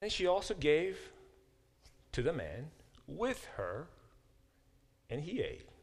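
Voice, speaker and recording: A man's voice: on the high side, wildly swooping pitch, takes it slowly, slightly rough. A male professor teaching a Bible class, lecturing with many fillers and restarts and reading verses aloud. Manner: reads verses aloud and explains them.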